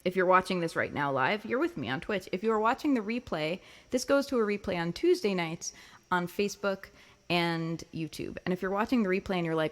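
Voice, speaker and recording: A woman's voice: on the low side, expressive, moderate pace. A woman hosting her own music livestream, chatting casually with viewers, laughing often and filling her talk with ums and likes. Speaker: singer-songwriter livestream host.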